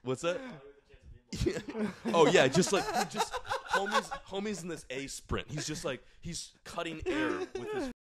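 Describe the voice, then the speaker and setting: A man's voice: fairly high pitch, unhurried, crowd noise. A young man co-hosting a podcast, telling a story in casual chat, swearing freely and acting out the people in it. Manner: animated, swearing, acts out voices of others. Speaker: podcast co-host.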